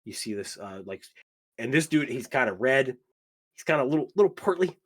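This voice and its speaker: A man running a tabletop game as game master, casual and animated, swearing often. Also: medium pitch, fairly quick, husky.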